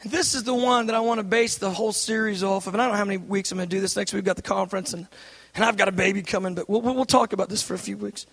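A man in his thirties preaching a sermon with fervor, swinging between shouting and hushed asides. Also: sits high, steady tone, racing, creaky.

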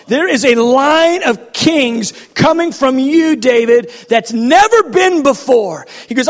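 A male preacher delivers an animated, passionate sermon in quick bursts. His voice sits very high, and it rings through a long hall reverb.

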